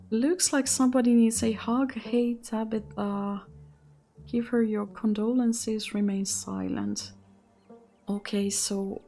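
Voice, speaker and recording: Slow-talking woman playing a visual novel. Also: on the high side, gravelly. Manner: whispers the story narration, chatty asides. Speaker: gaming channel host. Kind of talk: game commentary and reading a visual novel aloud.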